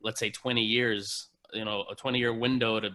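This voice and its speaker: A man co-hosting a podcast, his voice sharp and bright. He talks loosely, hedges a lot, and swears casually while talking about training clients. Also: on the low side, flat delivery, moderate pace. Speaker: podcast co-host, personal trainer.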